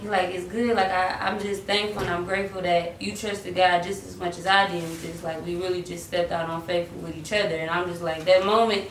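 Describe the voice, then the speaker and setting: A young woman spins a lively storytime, voicing the people in it and breaking into snatches of melody. She sounds set back from the mic in a roomy space with a faint hiss underneath. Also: fairly low pitch, brisk, hardly any pauses, distant mic. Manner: animated, acts out quotes and slips into singing. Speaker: singer telling her story. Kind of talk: casual storytime chat.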